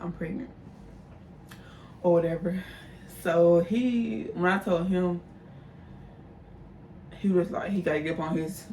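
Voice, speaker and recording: A woman's voice: on the low side, darkish tone, far from the mic. A young woman casually telling a personal story to her viewers, chatty and talking straight to the audience. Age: young adult. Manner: chatty, addresses viewers as y'all. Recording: roomy echo, voice a bit off-mic, faint background hum.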